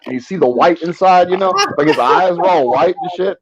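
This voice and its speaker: A man's voice: high-pitched, moderate pace, vocal fry, few pauses, over a noisy crowd. A man chatting casually and joking in slang with friends on a group call. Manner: laid-back, joking, slangy. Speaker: comic fan on a group call. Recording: dull lo-fi call audio, faint noise.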